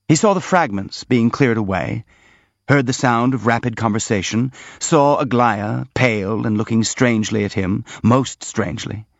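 A man narrating a literary audiobook in an expressive, measured reading. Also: medium pitch, creaky, no echo. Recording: slightly dull dry recording.

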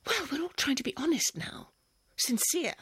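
A man's voice: very high-pitched, lively intonation, moderate pace, pushed and bright, no echo, clean studio sound, pitched above the performer's own voice, exaggerated voice. A man voicing a young woman, a governess, who talks in a raised, strained and upset way. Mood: furious. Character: young female governess, furious and tearful.

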